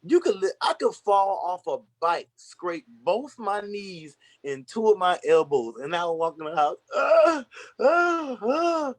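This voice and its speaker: A young man talking candidly on a podcast, telling personal stories with animated asides and quick restarts. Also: sits high. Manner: candid, storytelling, acts out voices in anecdotes. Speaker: podcast guest. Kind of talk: casual conversation.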